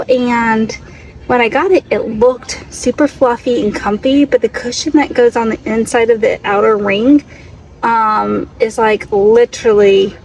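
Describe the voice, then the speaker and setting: A woman's voice: a little high, darkish tone. A young woman chatting casually in her vlog, often slipping into fond baby talk with her dog. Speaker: vlogger. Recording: roomy echo, mic at a distance.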